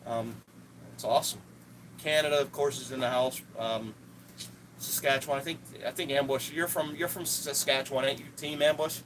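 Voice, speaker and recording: A man's voice: medium pitch, fairly even intonation, moderate pace, fairly bright tone, a little hiss or hum, poor audio. A man chatting casually to viewers on a live stream, rambling with lots of restarts and fillers.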